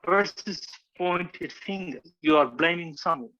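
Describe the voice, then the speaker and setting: Brief: male speaking coach, fairly high bright voice, dull lo-fi recording. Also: unhurried, slight background noise. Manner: demonstrative, acts out examples, frequent restarts. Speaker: public speaking club instructor. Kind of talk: informal teaching talk with slides.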